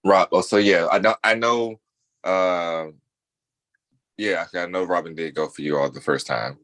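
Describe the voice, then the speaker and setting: A man's voice: sits low, measured pace, fairly bright tone, dry recording. A man hosting, asking questions in a giggly, filler-heavy way. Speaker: host. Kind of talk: casual interview questions.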